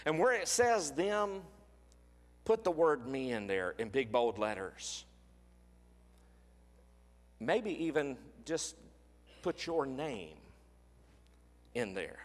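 Male pastor, mid-pitched, earnest, drops to hushed words, long church-hall reverb. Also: big pitch swings, slow pace, pauses often. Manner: earnest, drops to a soft hush on quoted words. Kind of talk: sermon with closing prayer. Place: church sanctuary.

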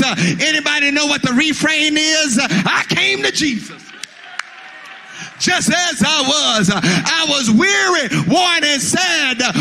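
A man preaching a sermon as pastor, building to shouted, sung calls. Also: very high-pitched, vocal fry, a little hiss or hum.

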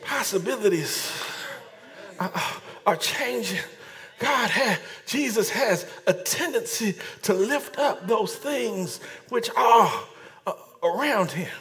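A man's voice: high voice, animated, slow, fairly bright tone. A man preaching a fervent sermon, stammering repeated words and calling on the congregation to answer back.

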